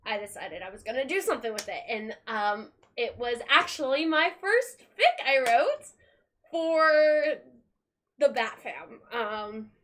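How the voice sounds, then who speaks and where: A woman's voice: high-pitched, a bit bright, slight background noise. A young woman streamer in casual chat, rambling, swearing often and laughing between thoughts.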